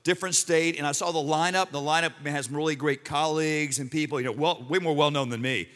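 A man's voice: on the high side, steady tone, fast talker, fairly bright tone. A middle-aged man, a pastor, preaching a sermon to a live congregation, telling stories with humor and asides to the listeners. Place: church sanctuary with live congregation. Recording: long hall reverb.

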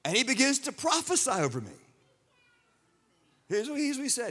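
A man's voice: extremely high pitch, wildly swooping pitch, moderate pace, pauses often, sharp tone. A middle-aged man, a pastor, preaching a sermon to a live congregation, telling stories with humor and asides to the listeners. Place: church sanctuary with live congregation. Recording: long hall reverb.

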